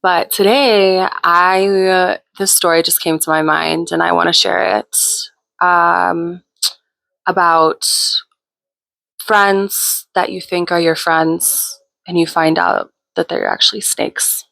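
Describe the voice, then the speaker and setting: A woman with a slightly low-pitched voice hosts her own show and tells a personal story. She talks in a loose, chatty way. She is frank and swears freely. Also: level tone, slow, creaky, a bit bright. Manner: candid, profane, chatty. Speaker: host. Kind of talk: casual storytelling.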